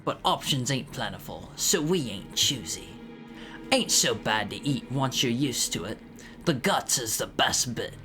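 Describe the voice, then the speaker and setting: A man voicing a grubby male bug villager in a game, in a put-on British accent with rough dialect and dropped words. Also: medium pitch, expressive, a little slow, over music, close to an everyday voice. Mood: gruff grumbling. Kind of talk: game voiceover on stream.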